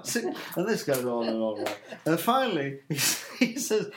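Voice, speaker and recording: A man's voice: a little high, big pitch swings, moderate pace, hardly any pauses. A man on a casual talk show, telling a story with swearing and laughter. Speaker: co-host. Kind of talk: casual chat.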